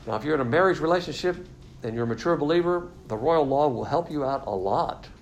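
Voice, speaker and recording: A man's voice: a little high, expressive, fast, slight background noise, low-quality recording. A man teaching a sermon-style Bible lesson, explaining word meanings and repeating his key points.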